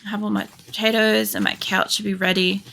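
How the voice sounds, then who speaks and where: A woman's voice: medium pitch, flat delivery, brisk, gravelly, sharp tone, slight background noise. An Australian woman streaming a game, chatting in a rambling, casual way and swearing freely. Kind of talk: casual chat while playing. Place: home computer setup.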